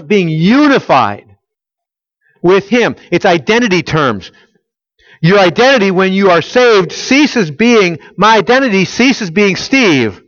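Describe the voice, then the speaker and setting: Higher-voiced man preaching, quizzing listeners. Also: a bit bright, no room sound. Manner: quizzes listeners, fills in his own questions. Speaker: pastor. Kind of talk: sermon with audience questions. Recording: dull lo-fi, dry.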